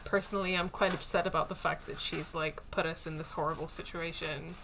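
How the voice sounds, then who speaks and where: A woman's voice: sits low, fairly even intonation, brisk, noisy background. A woman streaming a story game, chatting casually and thinking aloud with lots of fillers. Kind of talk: casual let's-play commentary.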